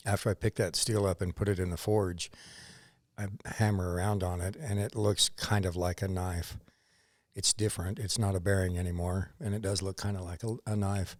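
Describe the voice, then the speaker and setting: A man's voice: sits low, fairly even intonation, moderate pace, no echo, studio quality. A man thoughtfully describing a craft process in a casual conversation. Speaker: knife maker on the ranch crew.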